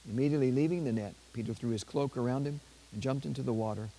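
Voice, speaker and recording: A man with a dark, mellow voice reads aloud from a saint's life at a measured pace. Now and then he stops to add a quick aside in his ordinary speaking voice. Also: medium pitch, poor audio. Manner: measured reading with brief spoken asides. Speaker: priest.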